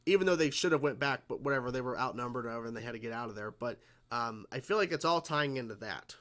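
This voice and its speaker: A man's voice: mid-range voice, lively intonation, fast, fairly bright tone. A man giving casual reaction commentary on a cartoon episode, rambling and profane, laughing often and restarting sentences. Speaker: reaction video host.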